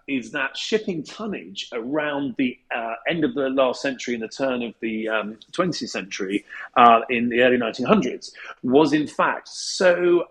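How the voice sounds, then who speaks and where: A man of middle pitch talks as a guest historian, laying out his answers step by step. He tells anecdotes at length and fills his pauses with ums as he thinks. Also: low-quality recording. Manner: measured, anecdotal, with thinking fillers. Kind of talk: explanatory interview answers.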